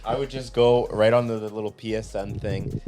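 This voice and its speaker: A young man on a podcast, talking in casual chat and acting out lines in lively bursts. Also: fairly low pitch, a little fast, crowd noise.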